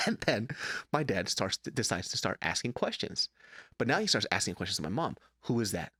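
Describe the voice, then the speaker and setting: A man casually telling a family story on a podcast, animated and swinging into high voices to act out relatives. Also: normal speed, husky, no echo, clean studio sound. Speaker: podcast host.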